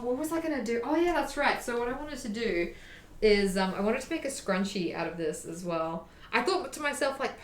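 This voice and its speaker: A woman's voice: mid-range voice, fairly bright tone. Chatty Australian woman in an echoey room. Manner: chatty, self-mocking, laughs often, reads chat aloud. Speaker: sewing streamer. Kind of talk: casual live-stream chat while sewing.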